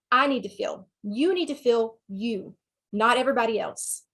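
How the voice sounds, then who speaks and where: A woman's voice: fairly high pitch, normal speed, slightly rough. Southern-accented woman giving frank advice. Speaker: sex therapist speaker. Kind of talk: online talk answering questions.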